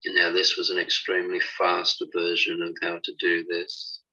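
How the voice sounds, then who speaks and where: Deep raspy guy walking someone thru a healing practice, slow and reassuring, muffled call sound. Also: completely flat delivery, bright, forceful tone. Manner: slow, instructive, reassuring guidance. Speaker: spiritual healing teacher. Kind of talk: guided healing session and talk.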